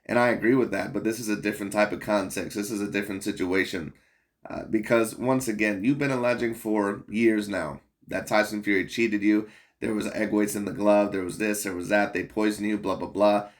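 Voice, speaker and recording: A man hosting a boxing commentary channel, talking bluntly and profanely in a rambling, casual rant full of fillers. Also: on the low side.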